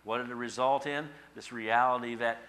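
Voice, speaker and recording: Male pastor, sermon; bright, forceful tone; drops to a hush, then builds with repetition. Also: mid-range voice, fairly even intonation, normal speed. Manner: dynamic, swings from hushed to emphatic; repetitive, preacherly cadence.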